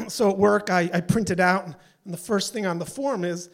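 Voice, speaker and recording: A man in his sixties telling a story live on stage, exasperated and animated, acting out the people he quotes. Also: high voice, normal speed, vocal fry. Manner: exasperated, animated, mimics voices.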